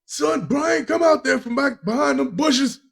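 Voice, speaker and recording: A man's voice: measured pace, vocal fry, fairly bright tone, heavily acted. A man voicing a goofy, beer-loving middle-aged father in a put-on Long Island accent. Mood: boastful. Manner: high, drawling, jokey put-on voice.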